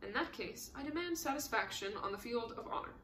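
Woman playing a witty male count, dry and droll, fairly high voice, roomy echo. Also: lively intonation, a little fast, fairly bright tone, a little hiss or hum.

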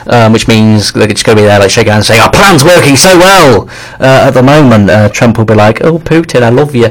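A man's voice: lowish voice, animated, rough recording. Rambling young man co-hosting. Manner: rambling, many ums and restarts, quick to laugh. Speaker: radio show co-host. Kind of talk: casual banter.

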